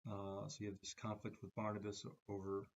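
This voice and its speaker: A man giving a recorded class lecture, speaking haltingly with many "uh" fillers between phrases. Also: lowish voice, monotone, dull audio.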